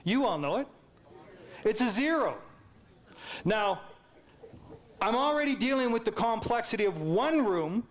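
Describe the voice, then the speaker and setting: A man with a high, light voice and a Canadian accent gives a public lecture. He tells his story in a playful, animated way, puts questions to the audience and acts out the voices of his teachers. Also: a little slow, pauses often. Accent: Canadian English.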